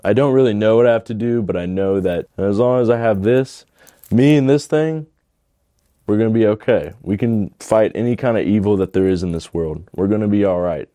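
A man's voice: on the low side, a little fast, dark tone, no echo, clean studio sound. A young man telling his personal testimony in a casual, rambling way, earnest and emotional, filling his speech with "like". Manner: rambling, fills with "like".

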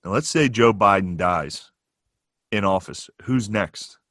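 A man imitating his middle-aged father, a short-tempered dad who mutters low and gruff. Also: slow pace, fairly bright tone, dry recording, clean studio sound. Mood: conspiratorial.

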